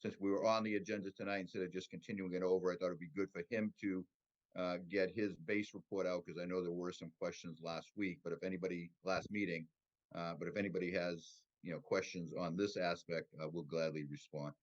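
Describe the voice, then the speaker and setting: A man's voice: sits low, flat delivery, a little fast. A man speaking for the applicant at a public board meeting, conversational and rambling. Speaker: applicant representative. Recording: dull lo-fi audio.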